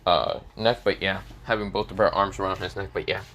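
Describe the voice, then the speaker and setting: A man's voice: sits low, steady tone, brisk, fairly bright tone, a little hiss or hum. A man narrating a fan story casually, rambling with many fillers and restarts. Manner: rambling, filler-heavy, hesitant.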